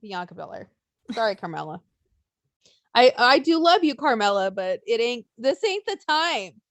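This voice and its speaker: High, lively young woman chatting on a podcast. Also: moderate pace, dry recording, studio quality. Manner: animated, blunt, swears freely, acts out fan voices. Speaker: podcast co-host. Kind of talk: casual wrestling podcast chat.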